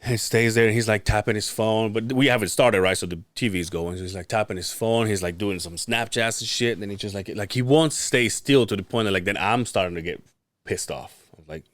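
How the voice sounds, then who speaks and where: A man's voice: lowish voice, a little fast, no echo. A man co-hosting a podcast, telling a story in casual chat, swearing and acting out what people said. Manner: profane, animated storytelling with acted-out quotes. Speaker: podcast co-host.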